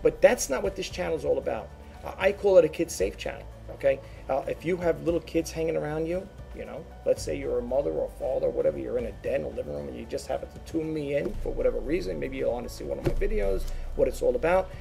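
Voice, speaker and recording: A man's voice: on the high side, fast talker, creaky, mellow, faint music behind. A man who resells online, chatting casually to his viewers, rambling and repeating words as he goes. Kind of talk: casual talk to camera.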